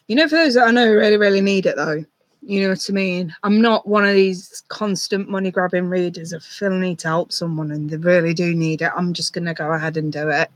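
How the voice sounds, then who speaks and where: A tarot reader on a live stream, talking softly and reassuringly to a viewer, with many ums and restarts. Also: mid-range voice, moderate pace.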